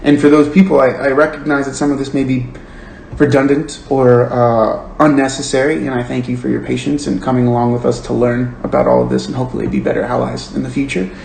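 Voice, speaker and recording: A man's voice: mid-range voice, little pitch movement, fast, creaky, darkish tone. A man hosting a book club livestream, reading comments and talking things through in an earnest, thoughtful way that stammers and restarts. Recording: roomy echo with faint room noise.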